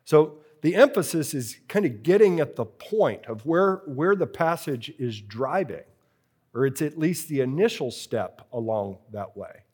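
A man teaching a preaching workshop to a live group, slow and deliberate, repeating key phrases as he works through a drawing. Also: on the high side, lively intonation, a little mellow, husky.

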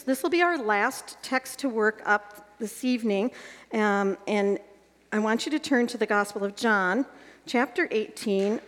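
A woman's voice: on the high side, in a large hall. A woman leading an evening workshop on teaching the Bible, guiding the group and checking with questions as she goes.

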